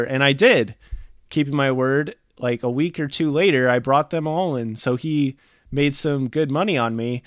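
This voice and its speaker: A young adult man telling a personal story in a chatty, animated way, full of casual fillers. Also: medium pitch, brisk, dry recording, clean studio sound.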